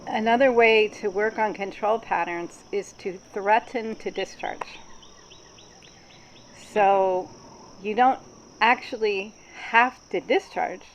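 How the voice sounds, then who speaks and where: A woman facilitating a group workshop, explaining in a calm, explanatory way with frequent ums. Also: mid-range voice, takes it slowly, slight background noise, rough recording.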